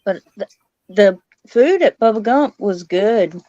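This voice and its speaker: A woman's voice: medium pitch, slow, no echo, dull audio. A woman from Alabama, chatting casually and giggling often. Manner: giggly, relaxed. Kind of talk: casual chat.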